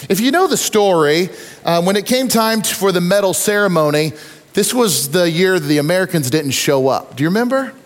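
A man preaching a sermon, telling stories with lively acted-out voices and asides to the congregation. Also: sits high, brisk, in a large hall. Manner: animated storytelling with acted-out voices. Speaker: pastor.

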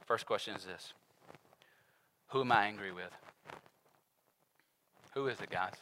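Guy preaching a sermon, bright punchy voice, chatty, does little voices for the story bits. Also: lowish voice, measured pace, a little hiss or hum, low-quality recording. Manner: animated, acts out voices in the story; casual, conversational preaching with fillers. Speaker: pastor.

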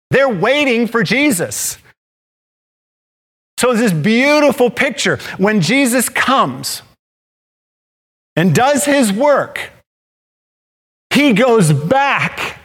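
A male pastor preaching a sermon, animated and playful, with self-deprecating asides. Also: high voice.

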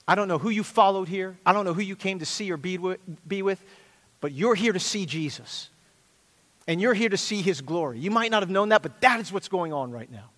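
Man preaching, pastor, middle-aged, slightly high voice, long reverb of a church hall, emphatic and earnest. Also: a bit bright. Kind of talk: sermon. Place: church sanctuary.

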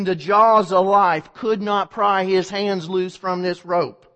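A high-pitched man preaches in a big hall that gives his voice a long ringing reverb. He tells a story vividly, repeating and restarting as he goes. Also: fairly bright tone. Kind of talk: sermon storytelling.

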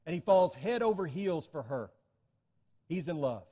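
Earnest preacher man, slightly high voice. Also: big pitch swings, moderate pace, dark tone, long reverb tail. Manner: earnest, storytelling with illustrations. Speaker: pastor. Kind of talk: sermon.

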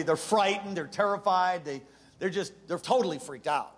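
Intense middle-aged male preacher with a high, bright voice, animated storytelling sermon. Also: brisk.

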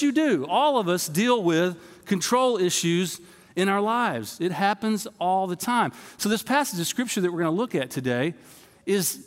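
A man in his fifties preaching a sermon to his congregation, telling a story in a conversational way and speaking to them directly. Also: high-pitched. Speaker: pastor. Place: church sanctuary. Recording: long reverb of a church hall.

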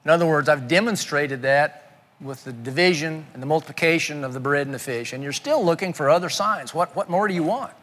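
A man's voice: on the high side, a little fast, a bit bright, long reverb tail. A man preaching a sermon, earnest and often repeating words as he searches for his phrasing. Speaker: guest preacher.

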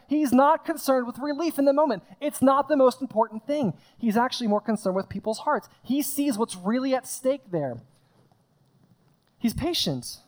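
A man preaching a sermon from a stage in a conversational way, acting out scenes and often repeating his words. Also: high-pitched. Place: stage in front of a congregation.

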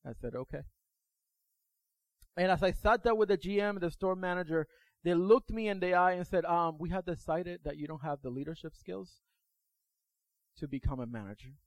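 Preacher man with a higher voice. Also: moderate pace, long pauses, no echo, rough recording. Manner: animated retelling with acted quotes. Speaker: pastor. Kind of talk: sermon storytelling.

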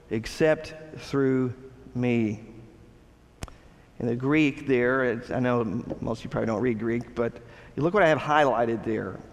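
A man's voice: mid-range voice, big-room sound. A man preaching a sermon as pastor, earnest and addressing the congregation with rhetorical questions.

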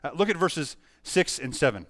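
Man, pastor, sermon, middle-aged, slightly high voice, earnest personal storytelling. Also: big pitch swings, moderate pace, a bit bright, dry recording.

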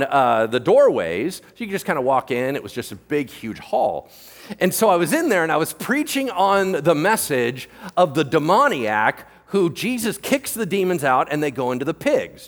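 Male pastor, sermon, playful and animated, higher voice, reverberant church hall. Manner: animated, joking, asks the room questions.

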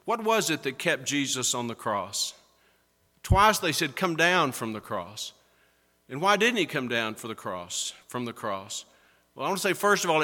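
A male pastor preaching a sermon, slowing down and building up to stress key words. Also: medium pitch, pushed and bright. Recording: echoey hall with long reverb.

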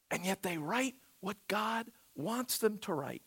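A man preaching a sermon, telling stories with animated, shouted emphasis. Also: high-pitched, unhurried, hardly any pauses, husky. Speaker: pastor.

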